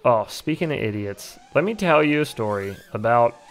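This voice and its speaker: A man's voice: medium pitch, animated, moderate pace, gravelly. A man in his thirties hosting a casual livestream, telling a story with laughs and swearing. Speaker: livestream host.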